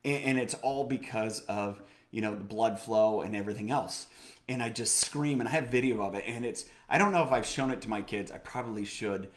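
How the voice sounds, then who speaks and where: A man co-hosting a casual chat show, telling a personal story in a lively, motivational way, with many fillers, restarts and repeated phrases. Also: on the low side, brisk. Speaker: podcast co-host.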